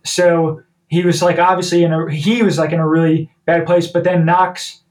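A man with a high voice talks loosely through a film, and his sentences keep running on with fillers. He sits a little back from the mic, so the sound is slightly distant. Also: flat delivery, normal speed, a little mellow. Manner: rambling, many "like" and "you know" fillers. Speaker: podcast co-host. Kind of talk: casual movie discussion.

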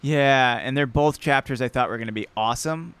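A man's voice: mid-range voice, a little fast, smooth, no echo. A man co-hosting a casual book podcast, laughing often and joking with his partner. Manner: animated, giggly banter. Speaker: podcast co-host.

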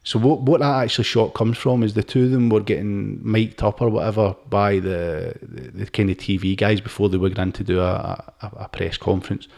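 A man's voice: fairly low pitch, fairly even intonation, a little fast, gravelly, few pauses, darkish tone. Chatty man hosting a podcast. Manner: chatty, laughs while retelling stories, says mate a lot. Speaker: podcast host. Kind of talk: casual chat.

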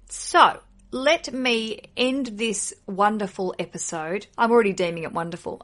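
An Australian woman hosting a podcast, chatting casually in a playful, self-deprecating way. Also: medium pitch. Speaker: podcast host. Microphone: podcast microphone.

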